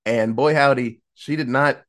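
A man with a mid-range voice and measured pace casually recounts a horror film in podcast conversation. He brings it to life by acting out the characters' lines, laughing often and using profanity.

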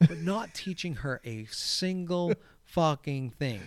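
A man in casual chat about golf, swearing freely and telling stories with lively energy. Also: a little high, slow pace, no room sound. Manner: profane, animated storyteller. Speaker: podcast co-host.

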